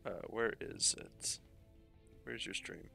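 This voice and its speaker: A man's voice: takes it slowly, pushed and bright, faint music behind. A man streaming a game, chatting casually with friends and laughing often. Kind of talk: casual gaming chat.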